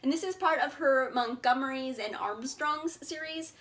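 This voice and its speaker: A young woman vlogs about books she recently picked up in a casual, bubbly, chatty way, with many fillers and laughs. She speaks at a moderate pace in a high-pitched, slightly bright voice, recorded indoors on a camera mic.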